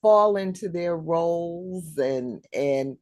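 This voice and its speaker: A woman's voice: fairly low pitch, lively intonation, takes it slowly, a little mellow, dry recording. A woman hosting a casual book club chat over a video call, thoughtful and laughing often. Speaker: host.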